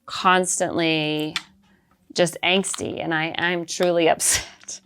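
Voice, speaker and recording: A woman comedian with a light Southern accent, chatting casually and telling animated stories. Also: lowish voice, takes it slowly, a little hiss or hum. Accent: light Southern American, fading in and out. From American South. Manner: chatty, animated storyteller, laughs often. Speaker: comedian guest. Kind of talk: casual chat.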